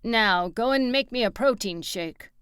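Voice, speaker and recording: A woman's voice: a little high, lively intonation, a little slow, a bit bright, clean tone, dry recording, studio quality. A woman voicing a cocky, macho man who barks orders and taunts his brother as his gym trainer, in an audiobook. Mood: barking orders. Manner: barking, taunting commands.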